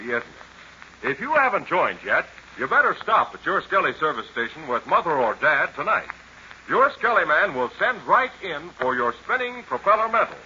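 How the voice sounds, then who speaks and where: A man announcing a 1930s radio serial, folksy and peppy in the sponsor pitch. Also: sharp tone, slight background noise. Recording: muffled old radio recording.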